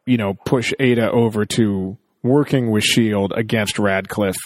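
A man's voice: lowish voice, steady tone, unhurried, long reverb tail. A man co-hosting a casual TV episode recap, thinking aloud in long, rambling analysis. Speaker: podcast co-host.

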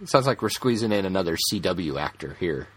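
A man co-hosting a casual podcast, joking and quick to apologize for his own gags. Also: low voice, animated, husky. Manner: jokey, self-deprecating. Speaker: podcast co-host. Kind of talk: casual chat.

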